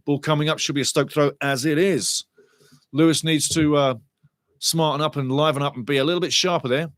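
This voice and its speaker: A man's voice: a little high, steady tone, a little fast, no echo. Chatty man hosting a football watchalong. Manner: chatty, rambling, shouts out to viewers. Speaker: watchalong host. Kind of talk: live match commentary watchalong.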